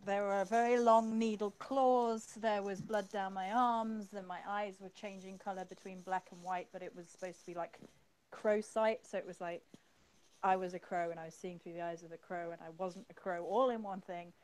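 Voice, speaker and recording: A woman hosting a casual chat, telling stories in a lively, animated way with some swearing. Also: medium pitch, normal speed, poor audio. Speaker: host.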